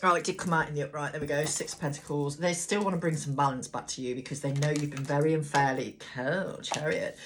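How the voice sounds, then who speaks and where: A woman's voice: low-pitched, heavy background noise. Sweary woman reading tarot cards. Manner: chatty, blunt and sweary, talks to the cards. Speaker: tarot reader. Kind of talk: casual live tarot reading. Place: home room with a ring light.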